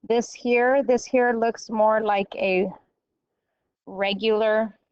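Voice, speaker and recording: A woman's voice: a little high, fairly even intonation, slow, clear, resonant tone, no echo. Woman math teacher, step-by-step lecture, dry dull lo-fi sound, frequent "okay?". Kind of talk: recorded classroom lecture.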